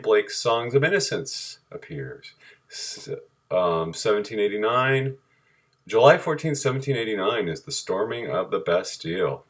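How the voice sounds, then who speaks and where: Man reading aloud a timeline with an animated voice. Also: fairly low pitch. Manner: halting, self-correcting, reads dates aloud.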